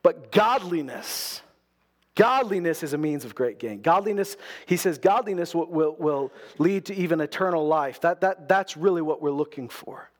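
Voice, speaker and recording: Male pastor with a high voice, preaching to his church and stacking up rhetorical questions. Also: expressive, normal speed. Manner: repeats words and phrases for emphasis; asks the congregation rhetorical questions. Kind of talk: sermon.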